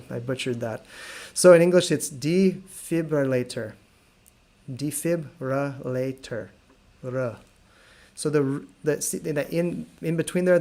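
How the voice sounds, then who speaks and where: An American man teaching an online English lesson, repeating words slowly and joking with viewers. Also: mid-range voice, creaky. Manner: slow careful repetition of words, friendly and joking.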